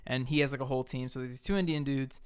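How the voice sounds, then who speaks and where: Animated, smooth-voiced young man telling a story. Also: medium pitch, very fast. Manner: animated, swearing, acts out people's lines in raised voices. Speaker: podcast co-host. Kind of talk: casual storytelling chat.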